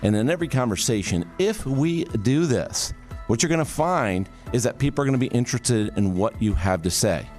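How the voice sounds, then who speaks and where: Lively motivational storyteller man. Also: medium pitch, a little fast, faint music behind. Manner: lively, punchy, coaching delivery. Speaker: communication speaker.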